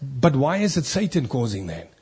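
A man's voice: mid-range voice, sing-song, normal speed, a little mellow, slightly rough, faint music behind. A man preaching a sermon in church, emphatic, asking rhetorical questions and reading scripture aloud.

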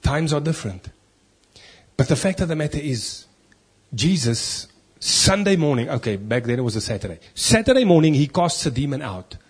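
A man's voice: on the high side, very animated, moderate pace, husky. A man preaching a sermon in church, emphatic, asking rhetorical questions and reading scripture aloud.

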